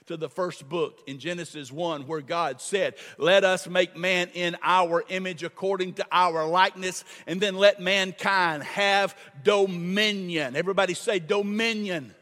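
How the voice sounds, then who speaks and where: A man's voice: high voice, steady tone, moderate pace, hardly any pauses, a bit bright. An older man preaching a sermon in a church, repeating phrases and calling the congregation to answer back. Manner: call-and-response preaching, repeats phrases for emphasis. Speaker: pastor. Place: church sanctuary. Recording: long hall reverb.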